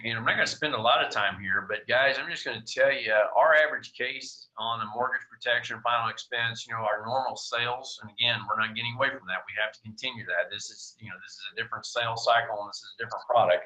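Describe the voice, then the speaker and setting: A man hosts a team video call with a low, strikingly bright and forceful voice. He rambles, repeats words and leans on fillers. His talk comes through a video call. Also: rough recording. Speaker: host.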